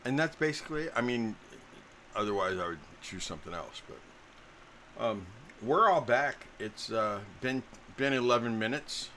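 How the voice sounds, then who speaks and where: A man's voice: mid-range voice, expressive, measured pace, sharp tone, slight background noise. A man hosting a casual tabletop game session as game master, laid-back and full of filler ums. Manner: laid-back, lots of ums, jokey swearing.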